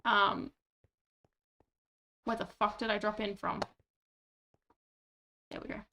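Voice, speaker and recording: This woman's medium-pitched voice stays level and unhurried, sounding pushed and bright against slight background noise. She's streaming a game through a cheap desktop microphone, offering casual commentary full of rambling jokes at her own expense.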